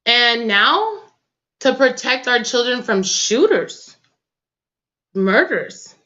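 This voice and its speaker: A woman's voice: on the high side, big pitch swings, takes it slowly, sharp tone, lo-fi sound. A woman hosting a political talk show, impassioned and tearful, speaking in casual slang. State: crying. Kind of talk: emotional political commentary.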